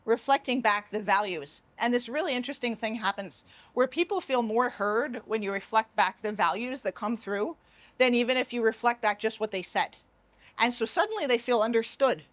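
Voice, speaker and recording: A woman's voice: fairly high pitch, normal speed, a bit bright. A young adult woman leading a workshop on a train in a chatty, informal way, often acting out quoted dialogue. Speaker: workshop facilitator. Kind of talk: casual workshop teaching. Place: train car with a view.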